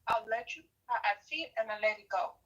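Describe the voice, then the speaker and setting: A woman's voice: a little high, brisk, a bit bright, far from the mic, dull audio. A woman calling in to a live show, speaking earnestly and emphatically, often repeating words for stress. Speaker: caller. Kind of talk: casual call-in testimony.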